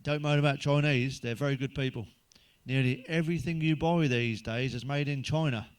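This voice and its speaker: A man's voice: medium pitch, steady tone, moderate pace, smooth. A man delivering a crude stand-up monologue, swearing freely and talking straight to the listener. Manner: swearing, chatty, addresses listener directly. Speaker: stand-up comedian.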